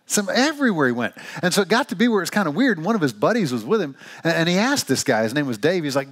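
A man from Missouri preaching a sermon, telling a joke story with an animated, playful manner. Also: on the high side, quick pace, hardly any pauses. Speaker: pastor.

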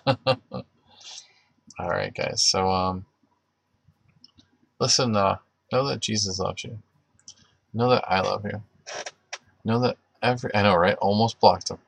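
Male livestream host, low gravelly voice, loose rambling delivery full of restarts. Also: slow pace, long pauses, no echo. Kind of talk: casual livestream chat with prayer.

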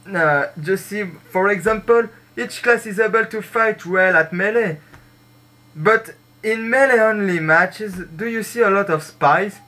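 A man from France speaks English with a French accent in a high, bright voice. He rants slowly and crudely, boasting one moment and mocking himself the next. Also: poor audio. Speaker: gaming vlogger. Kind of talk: crude comedic rant.

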